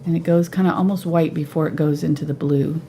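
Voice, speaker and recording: Relaxed woman teaching painting, slight vocal fry. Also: sits low, brisk, slight background noise. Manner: relaxed, thinks aloud while painting. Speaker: painting instructor. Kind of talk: live painting tutorial.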